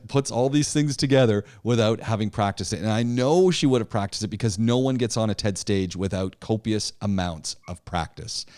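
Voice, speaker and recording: A man's voice: on the low side, a little mellow. A man teaching a public speaking class, encouraging students and thinking aloud with many restarts. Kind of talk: interactive class discussion.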